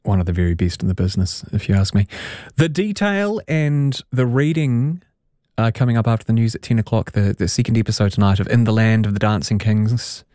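A male radio presenter chats with effusive warmth, praising his guest and reading out the schedule. His voice sits mid-range and sounds dry and close. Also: fairly low pitch, fairly quick, no room sound. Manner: warm, effusive, chatty. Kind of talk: radio interview and links.

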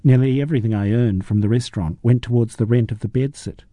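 A man narrating a story in a measured, reflective way. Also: medium pitch, dark tone, no echo. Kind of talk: audiobook narration.

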